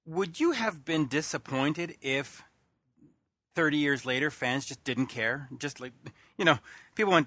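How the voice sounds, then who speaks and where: Bright-voiced male interview host, persistent. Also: fairly high pitch, lively intonation, measured pace, dry recording. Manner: persistent questioner who rephrases and restarts his questions. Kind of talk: interview conversation.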